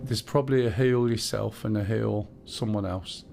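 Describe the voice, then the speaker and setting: A man chats away on his game stream, guiding a friend and musing aloud with plenty of ums. His voice sits a little low with a gravelly edge. A faint background hiss runs under the recording. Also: normal speed. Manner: chatty, guiding a teammate, thinking aloud with fillers. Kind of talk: casual gameplay chat.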